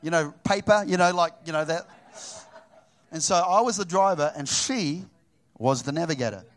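Animated high-voiced male preacher. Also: normal speed. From New Zealand. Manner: animated storytelling, acts out both sides of dialogue. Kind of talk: sermon with personal story.

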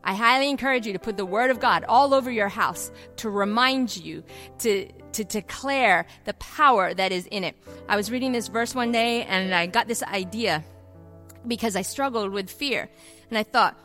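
A middle-aged woman pastor preaching a sermon, telling personal stories in an animated way and acting out the voices she quotes. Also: high-pitched, moderate pace, soft background music.

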